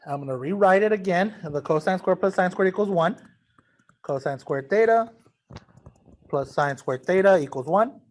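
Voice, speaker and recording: A man's voice: high-pitched, expressive, moderate pace. A man teaching a math lesson, casual and joking, talking straight to his students. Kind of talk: recorded class lecture.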